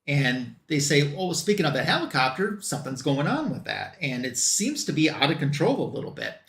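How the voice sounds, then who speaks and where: A man's voice: a little high, very animated, brisk, a bit bright, roomy sound. A man recapping a comic book story in a loose, run-on way, quoting the characters as he goes.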